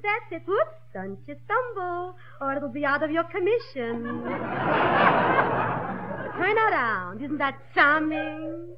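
A woman playing a pushy, fast-talking lingerie shopkeeper in a 1940s radio comedy. She uses comically mangled phrasing. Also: sits high, very animated, some chatter behind, slight background noise, full character voice. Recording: dull old radio broadcast recording.

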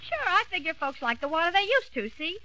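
A woman's voice: very high-pitched, very animated, quick pace, bright, forceful tone, full character voice, low-quality recording. A woman playing a sassy diner waitress in a 1940s radio comedy, full of flip comebacks.

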